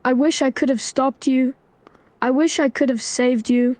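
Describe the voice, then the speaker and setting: A text-to-speech woman's voice, acting as an AI chatbot narrator, tells a melodramatic role-play story and reads its lines in an even, scripted way. It's high-pitched at a moderate pace.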